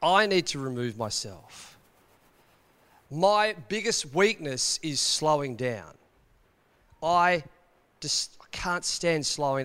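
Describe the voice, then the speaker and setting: A man's voice: a little high, expressive, takes it slowly, pauses often, fairly bright tone. An Australian man, a pastor, preaching a conversational sermon in church, telling stories and asking the congregation rhetorical questions. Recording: long reverb of a church hall.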